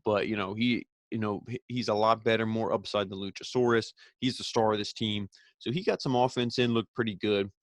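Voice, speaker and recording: A man's voice: on the low side, fairly even intonation, fairly quick, no room sound. A man casually recapping a wrestling show, rambling and opinionated, with lots of fillers and restarts.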